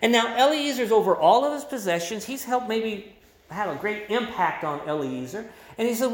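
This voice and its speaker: A man's voice: high-pitched, very animated, moderate pace. A man preaching a sermon, explaining scripture in a conversational way and adding emphasis with quoted voices. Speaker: pastor. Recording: roomy echo.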